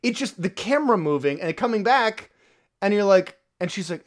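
Dude on a podcast, super animated, keeps doing the characters' lines and cussing a bunch. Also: male voice, sits high, fairly quick. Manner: animated storyteller, acts out characters' lines, swears freely. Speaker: podcast co-host. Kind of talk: casual film review chat.

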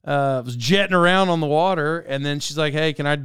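A man's voice: a little high, fairly quick, a bit bright, smooth, no room sound, studio quality. A middle-aged man telling a casual personal anecdote, rambling and self-mocking, with lots of fillers and chuckles. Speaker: storyteller.

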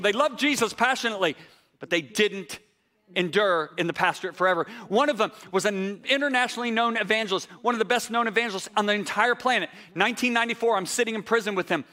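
A male pastor telling a story in a sermon. He swings from excited outbursts to hushed tones and restarts his words when worked up. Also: extremely high pitch, fast.

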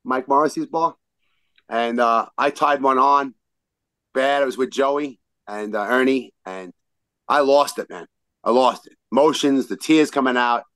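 A man telling a rowdy, profane story to old friends, acting out the shouted lines. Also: medium pitch, a little slow, dry recording, rough recording. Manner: animated, profane, shouts out quotes mid-story.

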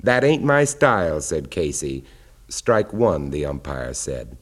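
Slow, measured man reciting verse. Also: sing-song. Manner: measured, dropping low and quiet for weighty lines. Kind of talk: dramatic poetry recitation.

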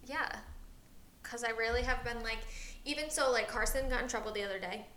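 Bright-voiced woman chatting in an echoey room. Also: a little high, fairly quick, slight background noise. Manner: rambling storytelling, acts out her child's lines. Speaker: podcast co-host. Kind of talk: casual chat.

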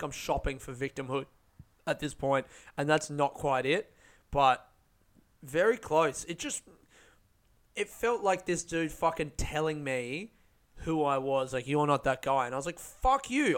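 A young man, a comedian, telling a rambling story and ranting with lots of swearing in a casual monologue outdoors. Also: a little high. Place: outdoors under a tree.

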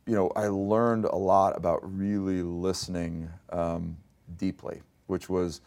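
A man in his fifties, a company CEO, tells stories in a business interview, animatedly acting out the quoted dialogue. His voice sits low, gravelly and a little slow.

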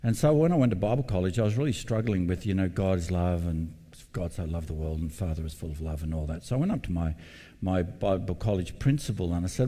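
A man's voice: low-pitched, fast talker, warm tone, in a large hall. A middle-aged man preaching a sermon as pastor, earnest and personal, repeating his key points for emphasis. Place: church building.

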